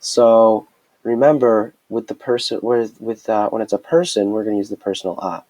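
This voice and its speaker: A man's voice: lowish voice, normal speed, warm tone, poor audio. A man teaching a Spanish grammar lesson in a recorded screencast, chatty and explaining step by step with frequent checks.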